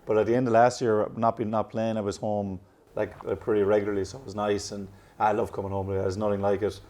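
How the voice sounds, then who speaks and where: A man in his thirties with an Irish accent that has picked up some American edges, talking in a loose, rambling way full of self-corrections. His voice sits fairly low and sounds warm and mellow, never sharp. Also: level tone, quick pace. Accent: Irish with some American drift. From Ireland. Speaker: professional golfer, guest. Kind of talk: casual interview chat.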